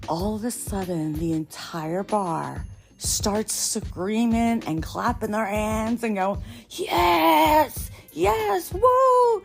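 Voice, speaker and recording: A woman telling funny stories of her own on her podcast, in a chatty, animated way. She laughs a lot, and her voice jumps up high whenever she gets excited. Faint music sits low behind her. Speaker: podcast host. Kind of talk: casual storytelling monologue.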